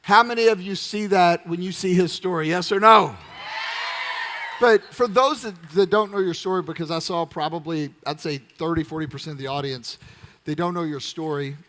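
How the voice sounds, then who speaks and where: A man's voice: high-pitched, normal speed, fairly bright tone, a little hiss or hum. A male host talking to a live audience and his guest in a hesitant way, with many fillers. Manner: hesitant, full of fillers, speaks to the crowd. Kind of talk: live interview in front of an audience. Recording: long hall reverb.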